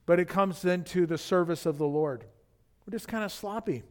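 A man's voice: high voice, normal speed. A man, the senior pastor, preaching a conversational sermon full of fillers and restarts.

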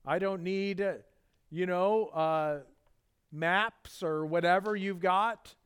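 A man's voice: high-pitched, steady tone, slow pace, a bit bright, smooth. A man preaching a casual, conversational sermon, telling anecdotes and acting out bits of dialogue. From Southern California. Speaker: pastor.

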